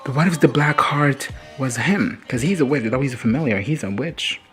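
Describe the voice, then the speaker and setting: A man's voice: medium pitch, moderate pace, a bit bright, faint music behind. A man casually recapping a show in a reaction video, rambling, swearing and laughing often.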